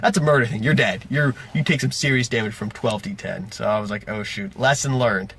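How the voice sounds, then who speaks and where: A man's voice: mid-range voice, fairly quick, gravelly, a little hiss or hum. A man game master recapping a tabletop session in a casual vlog, rambling and correcting himself as he goes. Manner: rambling, self-correcting, animated retellings.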